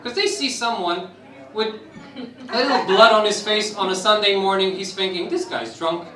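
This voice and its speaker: A young man from Romania telling a personal story at an open mic, animated and laughing through the funny parts. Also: high-pitched, normal speed. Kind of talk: spoken-word storytelling. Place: live stage in a roomy venue. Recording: echoey room, voice from some distance.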